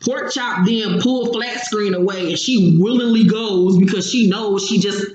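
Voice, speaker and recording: Woman, reaction host: brash, profane, slangy, middle pitch, very echoey room with a faint hiss. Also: unhurried, a little mellow, dull audio. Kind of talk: casual reaction recap.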